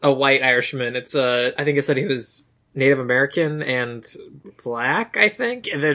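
A man's voice: mid-range voice, sharp tone. A man co-hosting a podcast, recapping a movie in casual chat, rambling and correcting himself as he goes. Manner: rambling, self-correcting, chatty. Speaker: podcast co-host.

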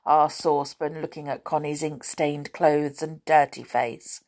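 Woman reading a children's story, animated. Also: low-pitched, slow, hardly any pauses. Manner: expressive and animated. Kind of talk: children's story read aloud.

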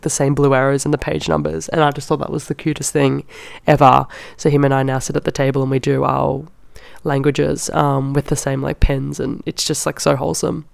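A woman's voice: extremely low pitch, vocal fry, darkish tone, dry recording. A young woman, hosting a podcast and telling a casual story in a chatty way, often saying "like". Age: young adult. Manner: chatty, heavy use of "like". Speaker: podcast host.

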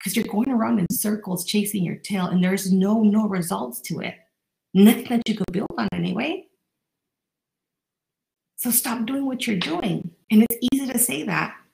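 A woman's voice: medium pitch, normal speed, creaky, darkish tone, roomy sound, rough recording. A woman life coach giving an earnest, direct motivational podcast monologue, speaking straight to the listener.

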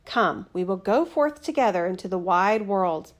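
A woman's voice: medium pitch, expressive, normal speed, voice pushed down, lightly acted. A woman voicing a sad, thirsty young boy in a fairy tale, speaking earnestly and plaintively. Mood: sorrowful.

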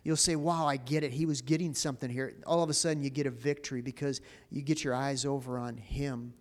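A male pastor preaches conversationally, often putting questions to the congregation and repeating words as he goes. His mid-range voice is brisk, with fairly even intonation.

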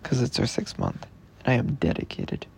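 A young man talking tenderly and rambling to his girlfriend in a personal podcast, sometimes dropping into soft whispers. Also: medium pitch, huge pitch swings, normal speed, gravelly, a little hiss or hum. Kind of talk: intimate personal voice message.

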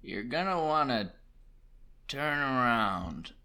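A man voicing a slow-talking older male warehouse worker who drags out every word. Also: mid-range voice, big pitch swings, very noisy. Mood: ominous. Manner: very slow, drawn-out.

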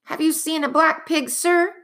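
A woman voicing a frantic young boy in a storybook reading, with high, urgent cries. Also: very slow, bright, forceful tone, full character voice. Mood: desperate.

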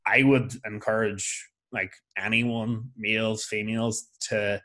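A man with a Lurgan accent from Northern Ireland hosting a casual podcast conversation, talking in a blunt, candid and animated way. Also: lowish voice, slow pace. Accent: Northern Irish, Lurgan. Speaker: podcast host.

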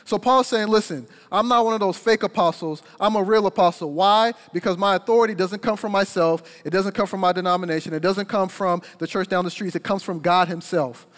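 A young man preaching a sermon, telling a personal story with energetic, emphatic delivery. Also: high voice, a little fast, few pauses. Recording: long hall reverb.

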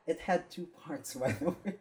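A woman's voice: low-pitched, normal speed. A young woman casually telling a story to friends, swearing freely and acting out the lines of the people in it. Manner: animated, swearing, acts out quoted lines.

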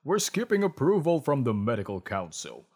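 A man's voice: mid-range voice, wildly swooping pitch, moderate pace, a little mellow, husky, voice pushed up, full character voice. A stern male doctor played by a man makes solemn, stiff declarations of self-sacrifice. His tone is heroic and serious, as in an overwrought comic story reading.

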